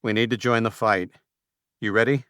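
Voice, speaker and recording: A man voicing a calm, practical teenage boy who talks in short, clipped orders. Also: fairly low pitch, normal speed, clear, resonant tone, no room sound, clean studio sound, lightly acted. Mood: urgent.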